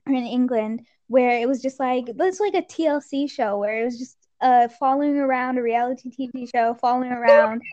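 A woman's voice: sits high, brisk, few pauses, a little mellow, muffled recording. A young woman chatting casually, rambling with lots of "like" and frequent laughter. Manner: rambling, fond of "like", laughs often. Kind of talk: casual chat.

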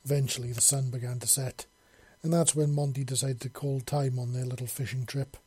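A man reading a science-fiction story aloud as narrator, in an even, unhurried way. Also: medium pitch, slightly rough, no echo. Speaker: audiobook narrator.

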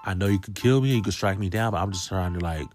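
A man's voice: low-pitched, fast, darkish tone, faint music behind, natural voice. A man voicing street-tough male demons who talk in challenging slang. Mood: defiant.

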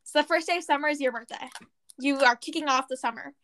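A teenage girl in easy chat with friends, eagerly listing dates off her phone. Her voice sits high and stays bubbly. She sounds like a keen, chatty schoolgirl. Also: fast, pushed and bright. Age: teens. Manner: bubbly, reads out countdowns. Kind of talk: casual chat among friends.

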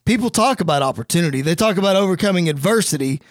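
A man's voice: high-pitched, animated, fast talker, dry recording, clean studio sound. A man voicing a cold male wrestling champion who speaks in threatening tones. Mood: defiant.

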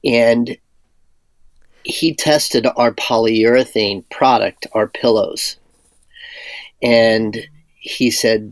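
A man being interviewed who tells stories in a casual, animated way and acts out the dialogue he quotes. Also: medium pitch, very slow, pauses often, no echo. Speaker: guest, sorbent product entrepreneur.

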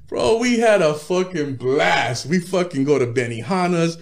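A man's voice: fairly high pitch, animated, moderate pace, gravelly, hardly any pauses, a little hiss or hum. A man, a rapper guest in his thirties, telling profane, laid-back stories with frequent laughs in a casual interview.

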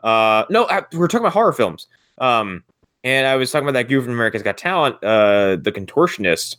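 Male podcast co-host, mid pitch, rambling and profane, laughs through his own stories, dry close sound. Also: sing-song, quick pace, fairly bright tone, no room sound. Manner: rambling, swears, acts out quotes with laughter. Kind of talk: casual chat.

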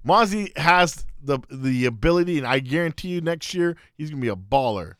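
A man co-hosting a sports podcast, explaining and defending his takes in casual debate with halting restarts. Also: on the high side, animated, a bit bright, no room sound, clean studio sound. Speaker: podcast co-host.

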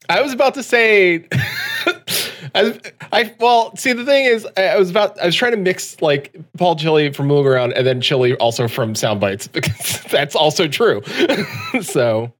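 A man's voice: on the high side, expressive, a little slow, fairly bright tone. A man hosting a casual podcast chat, laughing often and teasing his guests. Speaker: podcast host.

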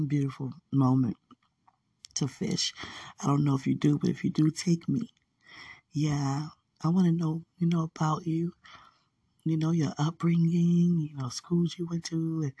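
A man with a gravelly, husky voice rambles through a casual podcast monologue, full of fillers and easy laughter. He sits a little back from the mic in a dry, dead room. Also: a little high, darkish tone, no room sound, far from the mic. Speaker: podcast host.

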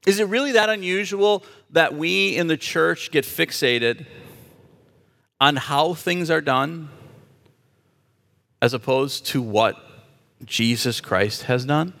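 A man's voice: a little high, expressive, slow, vocal fry, long pauses, fairly bright tone, big-room sound. A man preaching a sermon as a pastor, emphatic and asking the audience rhetorical questions.

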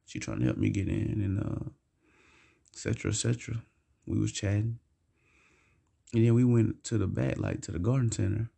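A man's voice: on the low side, expressive, normal speed, gravelly, long pauses, mellow, husky. A young man casually telling a rambling, slangy, profane personal story for his vlog.

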